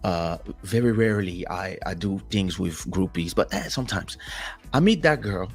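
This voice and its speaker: A man hosts a casual talk show and tells his stories in a lively, swooping voice. He acts out what other people said along the way. His first language is French. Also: low-pitched, normal speed, slightly rough, soft background music. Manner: animated storyteller, acts out quotes. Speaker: host.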